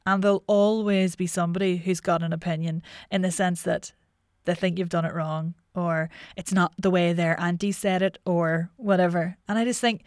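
A woman's voice: lowish voice, fairly even intonation, normal speed, a little mellow, no room sound. A woman accent coach speaking as a podcast guest in a frank, casual way. She thinks aloud with a few restarts. The sound is dry and close. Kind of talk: casual interview talk.

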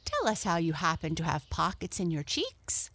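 A woman voicing a group of playful, teasing little breezes in a storybook reading, with an excited, pleading manner. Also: on the low side, normal speed, exaggerated voice. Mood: eager. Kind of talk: storybook read-aloud.

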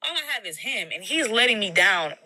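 Blunt, bright-voiced young woman venting. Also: medium pitch, very animated, brisk, dry recording, low-quality recording. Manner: blunt, swearing, exasperated retelling with quoted voices. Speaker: storyteller venting about her boyfriend. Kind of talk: casual storytime vent.

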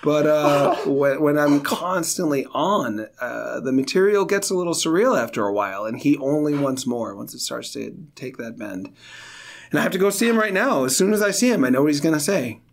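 A man co-hosting a casual comedy chat, grumbling in a gloomy, deadpan way. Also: a little high, normal speed, vocal fry. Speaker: podcast co-host.

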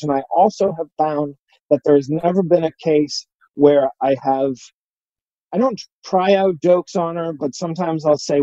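Halting man with a dark dry voice. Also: on the high side, no echo, lo-fi sound. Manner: halting, many restarts and repetitions. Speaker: podcast host. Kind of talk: casual interview chat.

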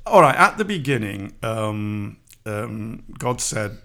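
A man's voice: medium pitch, big pitch swings, a little slow, creaky, sharp tone. A middle-aged man co-hosting a podcast in a rambling, self-deprecating chat, laughing often. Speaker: podcast co-host. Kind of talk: casual chat.

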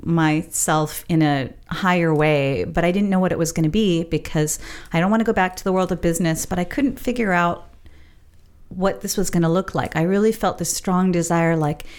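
A woman's voice: on the low side, darkish tone. A middle-aged woman telling a personal story in a casual, rambling, reflective way, laughing now and then. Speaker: storyteller sharing her spiritual journey.

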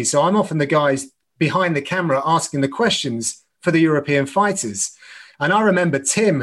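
A man's voice: a little high, a bit bright. A middle-aged man, an MMA commentator, talking earnestly in a podcast interview and often restarting phrases. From United Kingdom.

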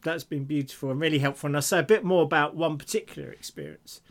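A man's voice: fairly high pitch, fast talker. A middle-aged British man co-hosting a podcast in casual chat, who laughs often and reads listener emails aloud. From Britain. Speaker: podcast co-host.

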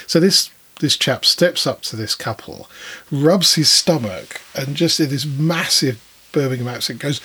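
A man's voice: on the high side, measured pace, bright, forceful tone, slightly rough. A man co-hosting a podcast, telling listener stories in a chatty way with frequent chuckles. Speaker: podcast co-host. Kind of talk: casual podcast chat.

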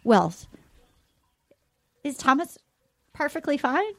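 Animated high-voiced woman recapping with swearing. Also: takes it slowly, dry recording. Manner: animated, swears often, acts out quotes in shifting voices. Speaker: podcast co-host. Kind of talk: casual recap chat.

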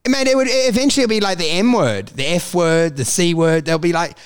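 A man co-hosting a podcast, telling animated stories, swearing freely and often asking "do you know?". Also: sits high, brisk, clean tone. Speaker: podcast co-host. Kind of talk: casual chat.

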